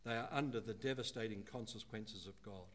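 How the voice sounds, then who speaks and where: A male pastor preaching a sermon in church. He speaks earnestly, slowing down to stress key words and growing animated when he acts out how people talk. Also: on the low side. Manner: earnest, animated when quoting, slows for emphasis.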